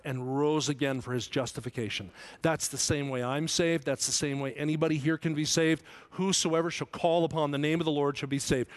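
A man preaching a Bible sermon, asking his listeners questions and rising loud and high when he quotes scripture. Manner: asks the congregation questions. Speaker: pastor. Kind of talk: expository sermon.

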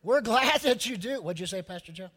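A man preaching a sermon, telling a story with lively acted-out voices for its people. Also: high voice, fairly quick, in a large hall, background noise. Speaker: pastor.

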